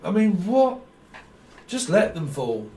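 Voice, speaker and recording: A man's voice: sits high, big pitch swings, takes it slowly, mellow. A man giving a rambling, free-associating tarot reading, swearing and laughing as he goes. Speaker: tarot reader. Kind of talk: stream-of-consciousness intuitive reading. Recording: echoey room, mic far off.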